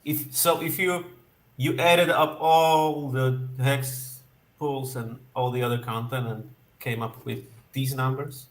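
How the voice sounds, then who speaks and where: A man chatting casually with friends. He thinks out loud in loose, halting phrases. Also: medium pitch, steady tone, poor audio. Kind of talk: casual chat.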